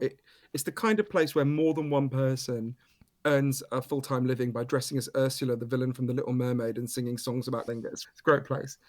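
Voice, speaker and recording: A British man, an author being interviewed, telling stories in an animated, emphatic way and swearing casually. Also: mid-range voice. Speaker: author and guest. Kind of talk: storytelling interview.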